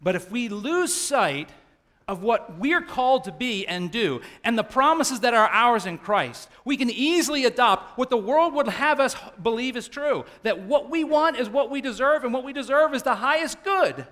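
A middle-aged man preaching a sermon as pastor, animated and swinging down to quiet tones for emphasis. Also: extremely high pitch, normal speed.

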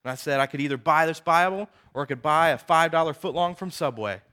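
Animated, slightly high-voiced male preacher. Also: quick pace, clear, resonant tone. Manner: animated storytelling, conversational asides. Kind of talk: sermon.

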